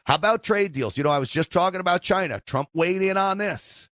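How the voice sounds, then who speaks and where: A man hosting a call-in talk radio show, joking, bragging and riffing with animated asides into a studio mic. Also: high-pitched, fairly quick, no echo. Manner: jokey, boastful, animated asides.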